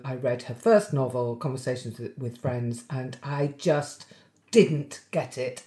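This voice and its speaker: A low-voiced woman tells a long, self-mocking story in a casual chat. Her voice rises and falls a great deal. The room around her echoes. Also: a little mellow. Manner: self-deprecating, rambling storyteller.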